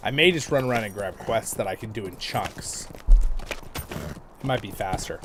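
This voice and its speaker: A man talks his way through a game on a livestream, loose and rambling, breaking into laughs as he goes. His pitch swings a lot, rising and dipping as he tells stories. There is a faint hiss behind him. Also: expressive, normal speed. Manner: chatty and rambling, laughs often. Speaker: livestream host and guide. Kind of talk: casual gameplay commentary.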